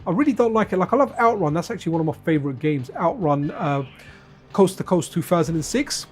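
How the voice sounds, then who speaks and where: A chatty man hosts a retro gaming live stream, talking to his viewers by name as he plays. His voice sits a little high for a man, and his talk drifts from one side story to the next. Soft music plays faintly underneath. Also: animated, fast talker. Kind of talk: casual live-stream chat while playing.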